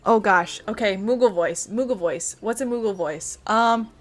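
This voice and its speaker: A woman's voice: medium pitch, moderate pace. A woman making casual, self-deprecating asides while voicing a game's characters. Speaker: gaming streamer voicing game characters. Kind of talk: casual gameplay commentary.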